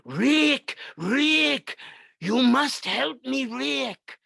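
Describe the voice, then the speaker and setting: A man voicing a sniveling, pleading film villain with a German accent, in a high, whiny voice. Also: expressive, drawn-out words, vocal fry, pushed and bright, no echo, studio quality, exaggerated voice. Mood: whining.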